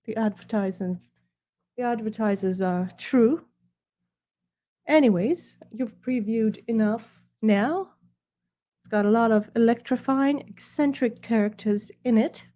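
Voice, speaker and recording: A woman from Ukraine hosts a mock-snobbish book preview in a put-on British accent, in a slow, unhurried cadence. Her voice sits a little high yet sounds mellow and soft. Her delivery stays dry and sarcastic. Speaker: host reviewing her art books.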